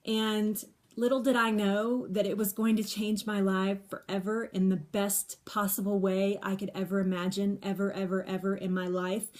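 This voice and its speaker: In a casual live Q&A, a middle-aged host addresses her viewers directly through a phone or webcam, pitched mid-range and talking at an everyday speed. Her style is open and chatty, with words repeated for emphasis and sentences frequently restarted midway.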